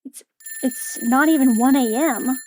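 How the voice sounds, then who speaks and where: Giggly high-voiced woman game streamer. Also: measured pace, dark tone, a little hiss or hum. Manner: giggly, swears, talks to herself. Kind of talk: casual livestream commentary.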